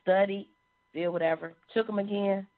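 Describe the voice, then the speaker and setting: A woman sharing a personal testimony in an animated storytelling manner. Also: medium pitch, moderate pace. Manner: animated, acts out quoted voices. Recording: phone-like narrow sound.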